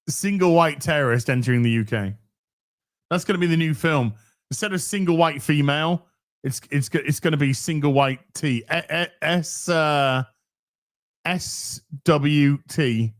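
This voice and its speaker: A British man telling a story in casual chat, sarcastic and swearing often, acting out both sides of an exchange. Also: on the high side. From Britain. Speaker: podcast host.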